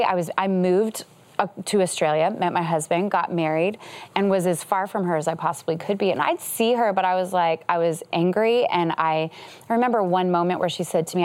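A woman's voice: lowish voice, darkish tone. A woman in her thirties, a guest pastor and author, telling a personal story in a TV interview, earnest and emotional, laughing often.

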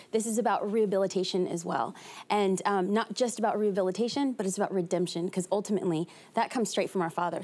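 A young woman from East Los Angeles, a guest on a TV talk show, talking fast and with animation about her life. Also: medium pitch, darkish tone. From East Los Angeles, USA.

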